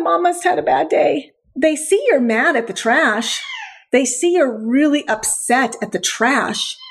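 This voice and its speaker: A woman giving a blunt, animated talk as a dog trainer hosting a show, laughing often. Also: high voice. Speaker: dog trainer and podcast host. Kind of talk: instructional talk.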